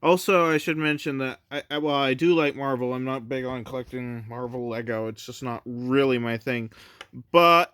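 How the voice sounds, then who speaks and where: A man's voice: mid-range voice, normal speed, a bit bright, smooth, dry recording. A young man, hesitant and rambling with lots of fillers, sounding tired as he records a casual review late at night. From Canada. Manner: hesitant, rambling, self-deprecating, many fillers. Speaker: toy reviewer.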